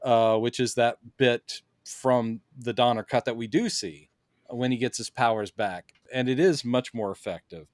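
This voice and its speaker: A man co-hosting a podcast and breaking down a film scene, acting out movie lines in quick put-on voices. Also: mid-range voice, steady tone, dry recording, clean studio sound. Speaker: podcast co-host. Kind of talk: casual film discussion.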